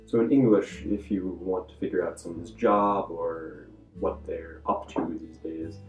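A man's voice: sits low, steady tone, measured pace, dull audio. A man co-hosting a video language lesson, adding grammar explanations and comparisons. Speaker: co-host. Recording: echoey room with faint guitar music.

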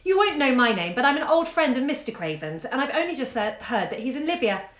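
A woman reading aloud, voicing a grown woman who is a secret lover, crisp and carefully friendly on the phone. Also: mid-range voice, lively intonation, moderate pace, fairly bright tone, natural voice. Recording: roomy echo.

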